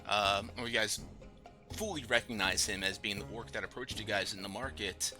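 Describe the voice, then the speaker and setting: A man narrating as game master of a tabletop game, rambling with many pauses. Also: fairly low pitch. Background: music.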